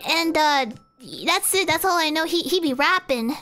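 A woman's voice: very high voice, normal speed, bright, forceful tone, faint music behind. A young woman streaming and chatting casually, giggling and rambling as she guesses and second-guesses herself. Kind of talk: casual live-stream chat.

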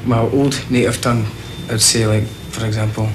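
A man from the West Highlands with a Scottish accent, chatting casually in an interview. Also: moderate pace, few pauses, noisy background. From West Highlands of Scotland. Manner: relaxed, chatty, with fillers.

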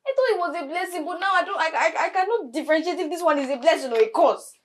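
A high, sharp-tongued teenage girl who heaps curses and scorn on her sister in a Nollywood film. Her comes through, and she stumbles over her words when she is heated. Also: fast talker, slight background noise. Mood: bitter ranting. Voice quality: scornful, cursing, stammering when worked up.

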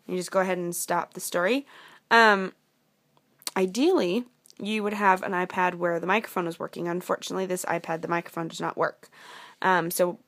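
A woman's voice: lowish voice, steady tone, a little fast, a bit bright. A woman teacher giving a casual app tutorial, with frequent filler words as she explains.

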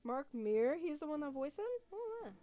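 A young woman streaming a game, chatting casually with viewers, giggly and excitable. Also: high voice, moderate pace, faint music behind. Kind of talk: casual gaming stream chat.

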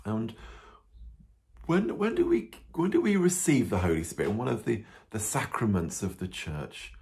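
A priest telling a Bible story to children, animated and full of questions, with frequent ums. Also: male voice, on the low side, moderate pace. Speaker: parish priest.

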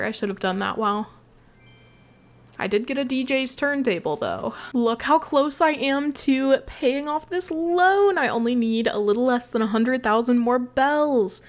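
A woman hosting a gaming channel who chats casually and sleepily over her gameplay, rambling off topic and poking fun at herself. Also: mid-range voice. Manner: chatty, rambling, self-mocking, sometimes yawning.

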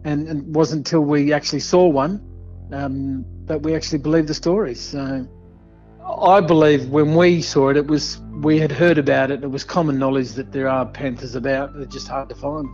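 An Australian man remembering something in a soft-spoken, hesitant way that trails off. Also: on the high side, steady tone, moderate pace, muffled recording, soft background music. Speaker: interviewee. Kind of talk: casual recollection.

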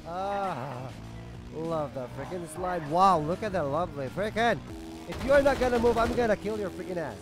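Excitable high-voiced man swearing at a game. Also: normal speed. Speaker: gaming YouTuber. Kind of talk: casual gameplay commentary. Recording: game music playing underneath.

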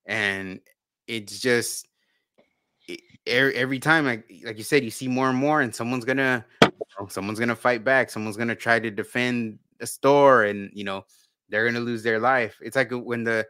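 A man with a bright, clear, smooth voice co-hosts a casual talk. He rambles, repeating and restarting his words. The sound is dry and close. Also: mid-range voice, normal speed, no room sound. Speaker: podcast co-host. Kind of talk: casual conversation.

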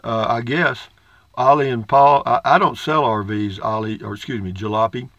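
An older man reads viewer comments in a casual, rambling way, dropping dry jokes. His voice is bright and forceful. The recording sounds dry and a little dull. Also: mid-range voice, normal speed, no room sound. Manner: folksy, rambling, dry humor. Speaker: vlogger reading viewer comments. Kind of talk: casual comment-reading chat.

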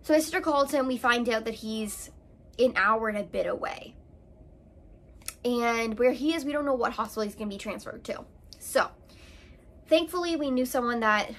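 A woman's voice: a little high, brisk, slight background noise. A woman vlogger telling a personal story to camera in a casual, rambling way, full of fillers and restarts.

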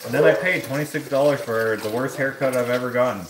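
A man's voice: medium pitch, quick pace, reverberant, noisy background. A man livestreaming casual stories from his home kitchen while washing dishes, acting out the people in them. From Canada. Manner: animated, acts out other people in his story. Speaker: live streamer.

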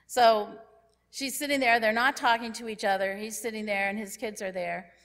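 A woman giving a sermon in a church, telling a story in a lively way and acting out what the people in it say. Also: a little high, moderate pace. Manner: lively storyteller who acts out characters' lines. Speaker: church speaker. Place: church sanctuary.

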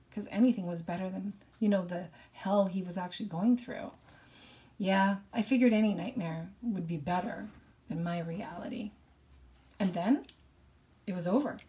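A woman's voice: mid-range voice, warm tone. A woman reading a novel aloud and explaining it thoughtfully between passages.

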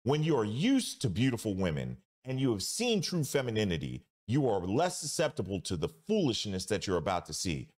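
Lively low-voiced male reaction host. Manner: lively, emphatic commentary with drawn-out exclamations. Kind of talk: reaction commentary.

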